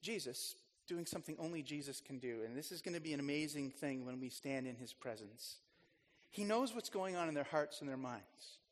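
A man's voice: on the high side, animated, brisk, big-room sound. A man preaching a conversational sermon as a pastor, chatty and storytelling, with restarts and side remarks.

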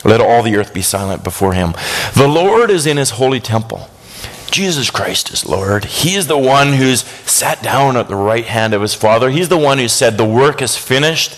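Animated man preaching a sermon. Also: normal speed. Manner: animated, swings from high excited bursts to low hushed tones.

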